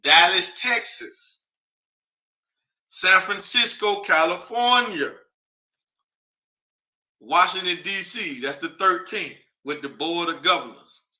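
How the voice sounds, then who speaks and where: Bright-voiced man thinking aloud on air. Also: high voice, slow pace, long pauses. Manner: thinks aloud while reading a list off a map; speaks directly to viewers, chatty and informal. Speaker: host. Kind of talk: casual broadcast commentary.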